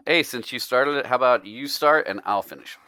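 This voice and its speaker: A man co-hosting a podcast, joking and swearing in an animated way. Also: mid-range voice, fairly quick, dry recording, studio quality. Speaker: podcast co-host. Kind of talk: casual podcast chat.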